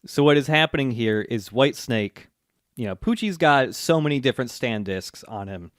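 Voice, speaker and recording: A man's voice: medium pitch, lively intonation, moderate pace, no echo, studio quality. A man co-hosting a podcast, retelling anime scenes in casual chat, laughing often and leaning on fillers. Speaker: podcast co-host.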